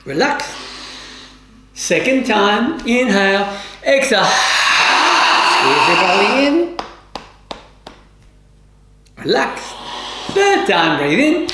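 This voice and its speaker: Calm woman leading yoga in an echoey room. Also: medium pitch, heavy background noise. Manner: calm, measured commands with formal, old-fashioned phrasing. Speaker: yoga teacher. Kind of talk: guided yoga class instruction.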